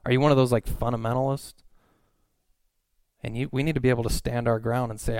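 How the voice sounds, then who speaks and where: A male preacher with a smooth, resonant voice and a mid-range pitch, talking through his sermon in plain, conversational phrases. He keeps asking questions of his listeners, and the recording is close and dry. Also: flat delivery, brisk, long pauses, a little mellow, no echo.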